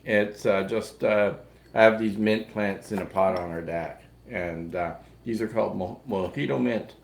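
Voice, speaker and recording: A man co-hosting a live stream, chatting casually in a halting way with lots of fillers. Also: on the low side, vocal fry, echoey room.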